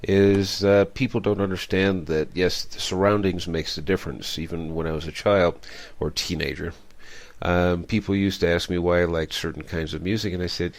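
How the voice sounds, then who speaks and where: A man's voice: deep voice, fairly even intonation, moderate pace. A middle-aged man hosting a radio interview, rambling and reflective, telling stories with many fillers. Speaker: radio show host.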